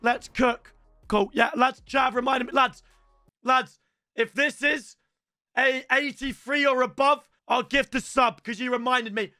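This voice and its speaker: Excitable young British male streamer, high and sharp, swears, shouts. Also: measured pace, dry recording, studio quality, faint music behind. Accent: British English. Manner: excitable, swears, shouts at the game, addresses viewers as lads. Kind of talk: live gaming commentary.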